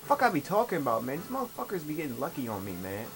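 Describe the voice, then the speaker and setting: Young man, gamer commentary, frustrated and cursing, jumpy pitch, noise behind. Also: racing. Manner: profane, frustrated, with excited outbursts. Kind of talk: live commentary over gameplay. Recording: noisy capture over game audio. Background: game sounds.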